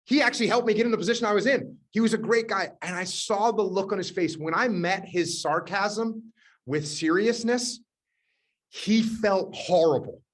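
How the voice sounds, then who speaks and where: A man's voice: high voice, moderate pace. A man hosting a live leadership coaching session, telling stories in a direct, emphatic way and repeating key words.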